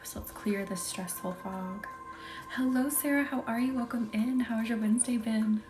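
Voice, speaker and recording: A woman's voice: a little high, fairly even intonation, normal speed. Chatty young woman reiki host. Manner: chatty, giggly, drifts into soft whispers. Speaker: reiki practitioner hosting a live session. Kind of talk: casual live-stream chat with guided energy work. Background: soft music.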